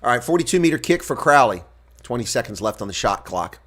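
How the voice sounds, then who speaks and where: A man giving solo live play-by-play commentary on a rugby match, moving from relaxed calls and chat with stream viewers to shouting excitement at big plays. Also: medium pitch, fast talker, husky.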